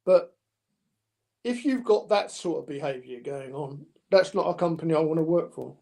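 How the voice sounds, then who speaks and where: An older man telling stories in an interview, lively and anecdotal, acting out the dialogue. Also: on the high side, normal speed, creaky. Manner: anecdotal, animated, with mimicked dialogue. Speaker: podcast guest. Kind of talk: storytelling interview.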